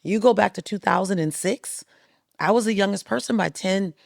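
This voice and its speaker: Gravelly, animated woman telling a story. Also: mid-range voice, normal speed, no echo, studio quality. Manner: animated, acts out quoted voices. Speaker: guest speaker. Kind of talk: storytelling in a podcast interview.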